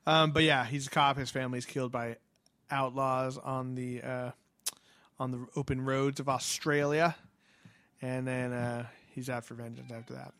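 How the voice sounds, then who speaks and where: Here a man with a mid-range, fairly bright voice speaks at a moderate pace in a flat delivery, with no echo. He's co-hosting a podcast from home on headphones and a studio mic, keeping it casual, laughing a lot and cursing freely.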